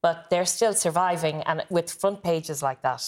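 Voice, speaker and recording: A woman's voice: on the low side, a little slow. A woman speaking as a panelist, telling anecdotes in an amused way.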